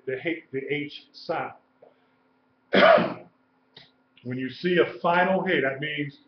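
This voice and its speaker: A man teaching a live-streamed lesson, explaining slowly and repeating key points. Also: a little high, slight background noise. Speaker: Hebrew teacher. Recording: echoey room, dull lo-fi sound.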